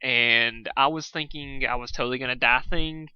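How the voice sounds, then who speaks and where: A man voicing a young male pony hero who is flustered and panicky, with high-strung yelps and babbling. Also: steady tone, moderate pace, clear, resonant tone, highs cut off, lightly acted. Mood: embarrassed.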